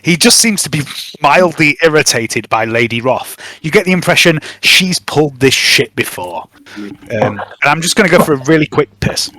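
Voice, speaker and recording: A man narrates as game master in a relaxed, casual way, his voice a little high and bright. The sound is dry and close. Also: moderate pace, dry recording.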